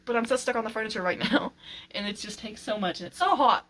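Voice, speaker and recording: A woman's voice: mid-range voice, fast, fairly bright tone, a little hiss or hum, rough recording. A woman in a casual chatty vlog, rambling and exasperated, often laughing, talking at home while she works on furniture. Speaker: vlogger. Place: home, working on a furniture project.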